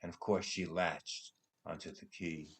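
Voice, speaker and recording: A man reading a prose poem aloud in a slow, dramatic recitation, his voice hushed and trailing into near-whispers at the ends of lines. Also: deep voice, level tone. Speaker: poetry reader at a benefit concert.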